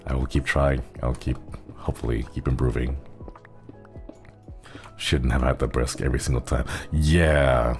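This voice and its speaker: A man's voice: a bass voice, steady tone, normal speed, long pauses, a little mellow, faint music behind. A man streaming a game, chatting casually and thanking viewers while resting a strained throat. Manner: rambling, chuckles often, thanks viewers. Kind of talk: casual gaming stream chat.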